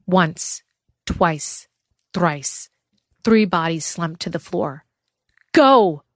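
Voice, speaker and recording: A woman narrating an audiobook thriller in a steady, measured way. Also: fairly low pitch, no room sound, studio quality.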